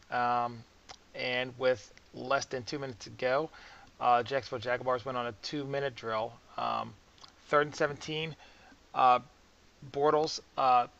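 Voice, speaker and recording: A man's voice: medium pitch, a bit bright, muffled recording. A man giving casual, sarcastic football commentary on his own channel, rambling with lots of fillers. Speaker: sports commentary vlogger.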